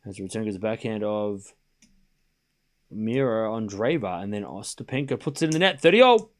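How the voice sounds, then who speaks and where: Speaking at a moderate pace in a lowish voice, a young man streams a live tennis watchalong. He calls the points and chats, reading viewers' locations aloud between plays.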